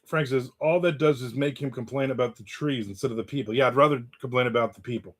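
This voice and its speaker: A man's voice: medium pitch, fast talker. A man hosting a casual live stream, telling a story and reading out viewer comments. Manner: storytelling, reads out chat comments. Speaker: host. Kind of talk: casual livestream chat. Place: in the American South.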